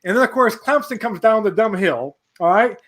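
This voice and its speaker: A man's voice: high-pitched, moderate pace. Rambling man telling a story. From New York. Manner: animated, rambling anecdote with many restarts. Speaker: podcast guest. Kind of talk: casual storytelling.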